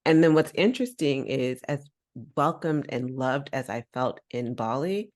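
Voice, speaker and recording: An American woman with a very deep, slightly slow voice hosts a podcast. In casual chat she tells a personal story animatedly, acting out the voices of the people in it.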